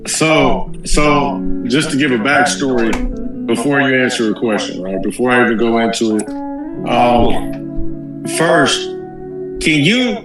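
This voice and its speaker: A man co-hosting a casual gaming podcast, lively and teasing. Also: mid-range voice, takes it slowly. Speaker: podcast co-host. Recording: very echoey room with music.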